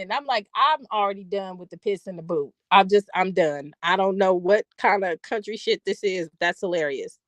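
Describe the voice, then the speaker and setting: A woman's voice: mid-range voice, normal speed, hardly any pauses, no room sound. Profane, chatty woman vlogger. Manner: profane, loose and colloquial; chatty, laughing asides. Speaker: vlog host. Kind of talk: casual storytelling monologue.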